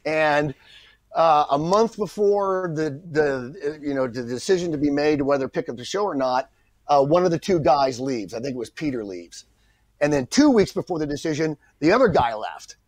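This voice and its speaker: A man's voice: fairly high pitch, normal speed, no room sound. A middle-aged man, an actor guest, telling an anecdote and acting out the voices of the people in it. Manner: animated, acts out voices in his stories. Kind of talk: anecdotal storytelling.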